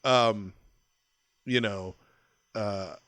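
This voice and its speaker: A man's voice: on the low side, steady tone, very slow, fairly bright tone, no room sound. A man co-hosting a podcast in a casual review chat, easygoing and rambling, laughing often. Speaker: podcast co-host.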